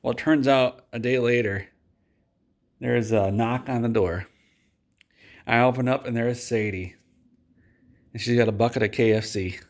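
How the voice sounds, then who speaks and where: A man telling an absurd tall tale to his viewers, deadpan and rambling with restarts. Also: medium pitch, moderate pace, long pauses. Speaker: video host.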